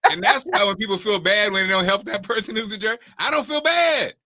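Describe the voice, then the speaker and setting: Bright, high-voiced man hosting a chat. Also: brisk, no room sound. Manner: laughs through his points, animated storytelling. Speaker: podcast host. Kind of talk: casual chat.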